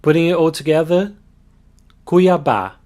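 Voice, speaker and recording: Guy teaching how to say words, slow and careful, middle voice. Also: medium pitch, animated, darkish tone. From Brazil. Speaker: language teacher. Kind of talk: pronunciation lesson.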